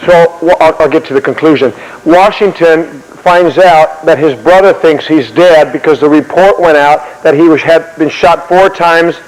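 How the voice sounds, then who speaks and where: A man delivers a sermon built on history stories, animated and often restarting his words. His voice sits a little high. A long hall reverb trails every phrase. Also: moderate pace. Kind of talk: sermon-style history storytelling.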